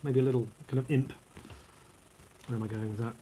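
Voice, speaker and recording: A man's voice: medium pitch, fairly even intonation, a little fast, dark tone, a little hiss or hum, rough recording. A man, chatting casually on his vlog as he reads out trivia, rambling into asides while he eats and drinks. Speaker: vlogger.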